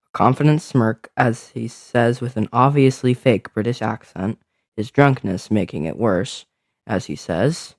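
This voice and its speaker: A man's voice: medium pitch, unhurried, dry recording, clean studio sound. A man narrating a fantasy adventure story, describing scenes with small slips.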